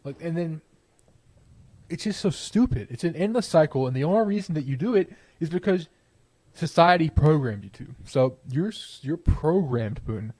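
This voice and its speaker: A young man co-hosting a podcast argues his opinions with playful confidence in casual chat, sometimes trailing off and restarting. His voice is a little high with a darkish tone. There's no echo.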